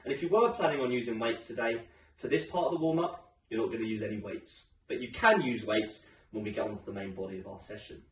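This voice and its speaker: A man leads a home workout, chatting encouragingly and sounding a little breathless. He's medium-pitched and talks fast. The room is echoey and the mic is set back, with a little hiss or hum.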